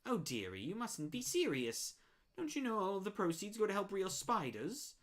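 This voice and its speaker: A woman voicing a greedy spider baker woman who sweetly calls everyone dearie, with a low hushed menace under the sugar. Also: very animated, normal speed, natural voice. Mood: sugary.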